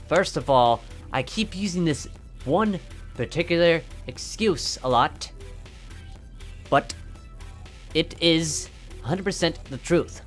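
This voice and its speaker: A teenage boy chatting casually on his vlog, jokey and self-mocking, into a desk mic at home. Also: mid-range voice. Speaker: YouTuber. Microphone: desk mic on stand. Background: soft background music.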